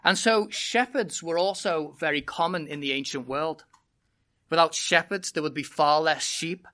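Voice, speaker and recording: A preacher with a British accent, opening a sermon with a humorous, animated personal story before teaching the congregation. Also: mid-range voice, normal speed. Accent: British English. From Britain.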